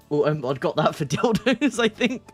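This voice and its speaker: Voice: medium pitch, very animated, unhurried, faint music behind. A streamer who reads a text game aloud, giggling often and chatting along.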